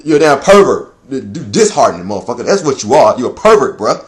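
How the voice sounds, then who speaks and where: A man giving a casual, rambling manga chapter review, swearing often, laughing a lot and jumping into high excited exclamations. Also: fast talker.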